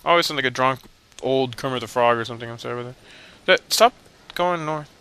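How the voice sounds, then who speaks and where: A young man talks through a video game in loose, rambling commentary, cracking jokes and poking fun at himself. His voice is bright and crisp, with a clear, smooth tone. He sits mid-range in pitch. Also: fast talker. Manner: joking, rambling, self-mocking. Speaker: let's play host. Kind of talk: casual gameplay commentary.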